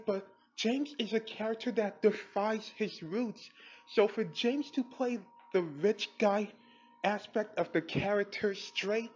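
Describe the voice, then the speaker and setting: A woman delivers blunt, sarcastic review commentary at an unhurried, drawn-out pace. Her voice comes through a dull, lo-fi home recording with a faint hiss underneath. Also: medium pitch, a little mellow. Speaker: podcast host.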